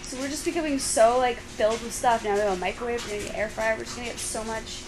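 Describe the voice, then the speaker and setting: A young woman vlogging in a casual, chatty way, telling stories with lots of "like" and quick laughs. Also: a little high, steady tone, echoey room. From Canada. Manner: bubbly, chatty storytelling with frequent "like" and laughs. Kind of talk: casual vlog chat.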